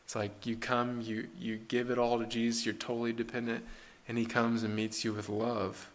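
A man's voice: mid-range voice, monotone, normal speed. A man preaching a sermon in an earnest, conversational way, with rhetorical questions and frequent restarts.

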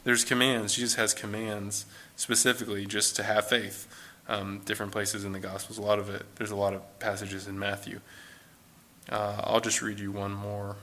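A man with a lowish, bright and forceful voice gives a conversational Bible lesson. His delivery stays level and even in pitch. He talks loosely, thinking aloud and leaning on "like" as he explains. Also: moderate pace, a little hiss or hum. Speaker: Bible teacher.

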